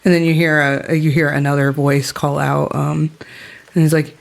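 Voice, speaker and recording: A woman's voice: deep voice, level tone, moderate pace, gravelly. A woman narrating as game master in a loose, chatty way with many fillers. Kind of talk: casual tabletop game narration.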